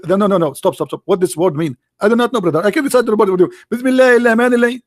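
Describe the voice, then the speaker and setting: A male livestream host taking calls offers sarcastic, mocking commentary on a religious debate, firing off rhetorical questions in non-native English. His high-pitched, slightly mellow voice moves very fast with lively intonation.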